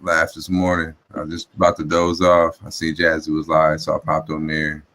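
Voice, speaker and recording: A man's voice: a bass voice, monotone, moderate pace, fairly bright tone, no echo. A man co-hosting a casual live-stream morning show, chatting in a laid-back way. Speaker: co-host.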